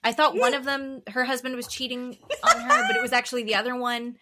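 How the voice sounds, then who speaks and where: A woman co-hosting a podcast, chatting about reality TV in an animated way with quick asides and bursts of laughter. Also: sits high, heavy background noise. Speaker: podcast co-host. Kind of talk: casual chat about reality TV.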